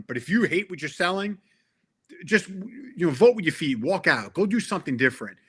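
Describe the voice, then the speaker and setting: A middle-aged man with a fairly high, bright and forceful voice talks as a guest in a casual interview. He is earnest and emphatic and often stumbles and restarts mid-sentence as he makes his point. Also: sing-song, normal speed, breathy edge. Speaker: interview guest, tech sales veteran.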